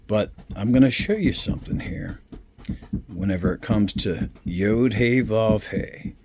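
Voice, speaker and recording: A man giving an informal Bible lesson, explaining slowly and checking in often with his listeners. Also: on the low side, a little mellow, a little hiss or hum. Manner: slow, unhurried explaining with frequent check-ins. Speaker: Bible teacher. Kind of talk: informal screen-share teaching.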